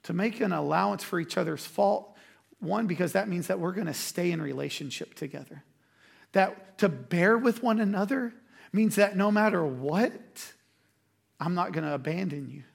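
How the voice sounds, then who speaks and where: A man's voice: sits high, lively intonation, moderate pace, gravelly, husky. A man preaching a sermon as a pastor, in a conversational, emphatic way with quoted asides.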